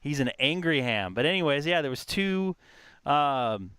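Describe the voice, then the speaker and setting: A man's voice: fairly high pitch, big pitch swings, a little slow, a bit bright, smooth, dry recording. A man chatting casually and rambling outdoors in a park during a ham radio live stream, with plenty of fillers. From California.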